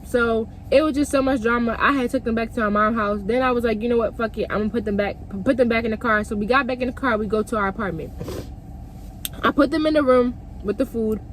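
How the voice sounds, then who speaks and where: A young woman vlogger tells her viewers a personal story, speaking directly to the camera audience in a profane, emphatic storytime vlog. Her voice sits on the high side and moves fast, with a little hiss or hum in the audio.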